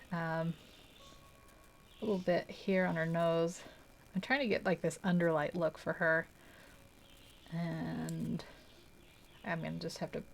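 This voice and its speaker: Young woman, livestream art host, casual rambling chat, slightly low voice, laughs a lot. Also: a little hiss or hum. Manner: chatty, rambling, laughs often, self-deprecating. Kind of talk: casual chat while digitally painting.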